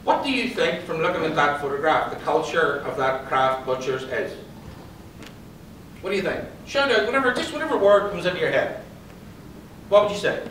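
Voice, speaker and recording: Man, motivational speaker, lively storyteller, echoey hall, distant mic. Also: on the high side, moderate pace, a little hiss or hum. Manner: lively storyteller, quizzes the audience. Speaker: conference speaker and psychologist. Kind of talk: motivational talk to an audience. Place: event hall. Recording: roomy hall, distant pickup.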